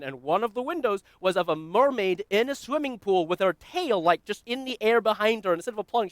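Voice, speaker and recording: A man's voice: high voice, a bit bright, dry recording. A man from Scotland with a Glasgow accent, a magician delivering jokey, self-deprecating comic patter on a livestream from a home video call setup. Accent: Scottish, Glasgow.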